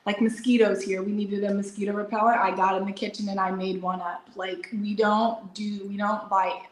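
A young adult woman telling her story in a casual interview, chatty and animated, with frequent fillers. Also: mid-range voice, moderate pace. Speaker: interview guest, entrepreneur. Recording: echoey room.

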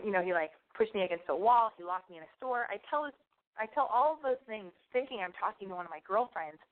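Blunt, profane woman, voice going hoarse. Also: on the low side. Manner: blunt, profane, rambling and animated. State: losing her voice. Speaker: storyteller. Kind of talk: casual anecdote monologue. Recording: tinny phone-like sound.

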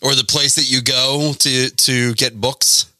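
A man's voice: mid-range voice, fairly even intonation, measured pace, bright, forceful tone, dry recording. A man in casual podcast chat, rambling through stories, swearing and laughing often.

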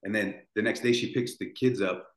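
Fairly low-pitched and steady in tone, a man in his forties speaks fairly quickly as he tells a painful story on a podcast. His emotional account rambles, with restarts and repeated words, recorded with a roomy echo.

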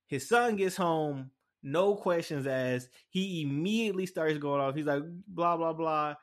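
Fairly high in pitch and unhurried, this young man hosts a solo podcast in a casual style. His storytelling meanders, packed with fillers and restarts.

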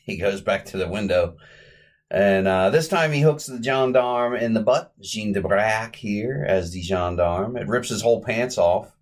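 A man's voice: fairly low pitch, measured pace. A man hosting a podcast, chatting casually through an old comedy short in a rambling way and correcting himself as he goes. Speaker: podcast host. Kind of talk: casual podcast film recap.

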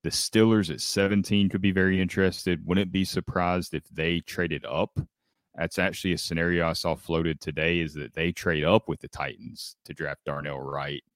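A man co-hosting a sports podcast, talking through draft prospects in a measured, analytical way. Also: sits low, level tone, dry recording, studio quality. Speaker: podcast co-host. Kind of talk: casual sports chat.

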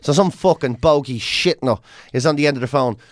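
A man's voice: mid-range voice, a little fast, dry recording, studio quality. A man with an Irish accent hosting a casual chat, telling stories bluntly and with lots of swearing. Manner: profane, blunt, animated storytelling.

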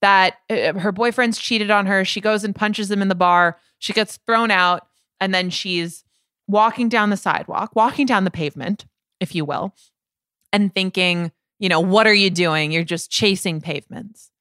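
A woman's voice: medium pitch, normal speed, fairly bright tone, clean tone, no room sound, clean studio sound. A woman co-hosting a podcast in casual chat, joking and posing questions to her partner. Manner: chatty, joking, poses questions. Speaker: podcast co-host.

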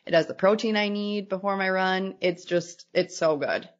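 A woman co-hosting a podcast who tells family stories in a lively casual chat. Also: medium pitch, moderate pace, highs cut off. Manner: animated storyteller, acts out her daughter's lines. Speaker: podcast co-host.

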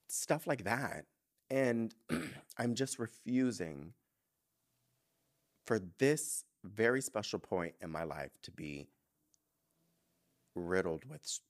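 A young man hosting a podcast, talking candidly and emotionally in a casual chat, swearing freely. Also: fairly low pitch. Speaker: podcast host.

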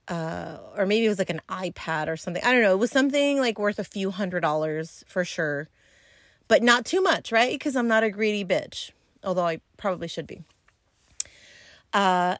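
A woman podcaster chats through a story on her own, blunt and unfiltered, full of fillers. Her voice sits on the lower side. The sound is dry and close, with no room echo. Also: a bit bright. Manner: blunt, profane and chatty, with many fillers. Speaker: podcast host. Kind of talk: casual solo storytelling.

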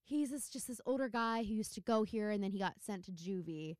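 Lively young woman acting out recap lines. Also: medium pitch, brisk, smooth, no echo, clean studio sound. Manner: animated, acts out characters' lines, laughs often. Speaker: podcast co-host. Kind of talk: casual recap chat.

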